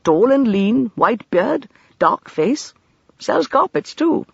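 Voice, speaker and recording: A man's voice: very high-pitched, big pitch swings, slow, creaky, breathy edge, no room sound, muffled recording, voice pushed up, exaggerated voice. An audiobook narrator voicing a practical adult man who speaks in a dry, matter-of-fact way. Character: practical adult male travel companion. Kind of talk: audiobook character reading.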